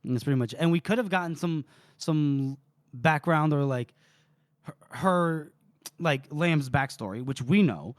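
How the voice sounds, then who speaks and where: A man's voice: fairly high pitch, animated, a little slow, dry recording, studio quality. Laughing man retelling a story. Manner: retells scenes quoting lines, laughing often. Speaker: podcast co-host recapping chapters. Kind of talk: casual book recap chat.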